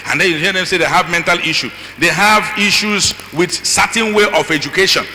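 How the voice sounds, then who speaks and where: A middle-aged man speaking as a conference speaker, animated and acting out voices with asides to the audience. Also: sits high, a little fast. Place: large conference hall. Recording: long hall reverb, faint noise.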